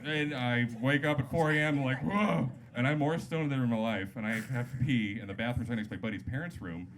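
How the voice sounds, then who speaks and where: A man performing a stand-up set on a comedy club stage into a handheld mic, loose and jokey, breaking into loud voiced-up quotes. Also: mid-range voice, fast. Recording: live club set with loud audience noise. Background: loud audience laughter.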